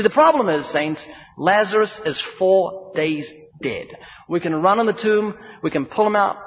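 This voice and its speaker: Emphatic male preacher in a reverberant hall. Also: high-pitched. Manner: emphatic, rhythmic repetition, acts out dialogue. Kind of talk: sermon. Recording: dull recording with long hall reverb.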